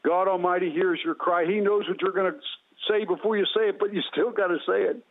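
Heard on a tinny phone connection, this man speaks briskly in a high, fairly even voice. As a guest, he delivers a passionate, sermon-like testimony full of repeated phrases and leads those listening in prayer.

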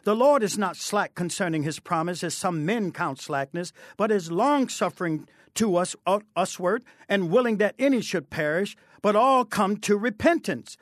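High-voiced, fervent man preaching. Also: expressive, normal speed, hardly any pauses, no echo, studio quality. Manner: fervent, scripture-quoting preacher. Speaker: guest preacher. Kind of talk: preaching testimony.

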